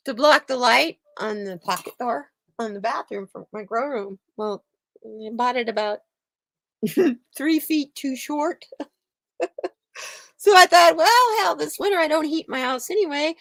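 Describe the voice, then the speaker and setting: A woman's voice: sits high, fairly bright tone, dry recording. Chatty woman rambling at home. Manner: rambling, chatty, laughs often, coos at her cats. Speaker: channel host. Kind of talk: casual chat on a live stream. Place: home room with a heater.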